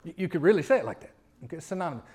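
A middle-aged male pastor preaching a sermon in a conversational way, asking the congregation rhetorical questions and building to loud emphatic peaks. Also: a little high, sing-song, very fast.

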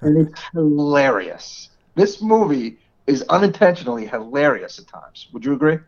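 A man in his forties with a New York area accent co-hosts a podcast, chatting casually and laughing often. His voice is fairly high and sing-song at a normal speed. The podcast audio sounds dull and lo-fi.

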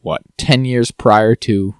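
A man co-hosting a podcast, rambling through a TV recap and slipping into quick mock quotes of the characters. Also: medium pitch, steady tone, smooth, no room sound, clean studio sound. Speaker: podcast co-host. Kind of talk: casual chat recapping TV.

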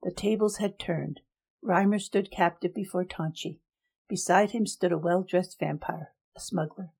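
A woman narrating a story in a steady, even reading. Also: on the low side, a little slow, creaky, breathy edge.

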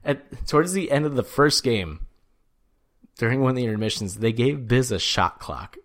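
A man hosting a casual sports podcast, telling stories with animated quoted voices and frequent swearing. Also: normal speed. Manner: animated storytelling, acts out quotes with jumps in pitch. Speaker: podcast host.

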